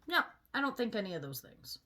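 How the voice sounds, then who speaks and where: A woman's voice: a little high, sing-song, fairly quick, pushed and bright. A woman vlogger chatting casually while she gets ready, venting in a candid and emphatic way.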